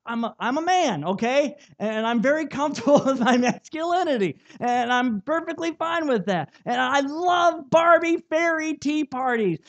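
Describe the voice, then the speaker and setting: A young man preaching a sermon as pastor, telling stories with animated, self-mocking energy and frequent restarts. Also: extremely high pitch.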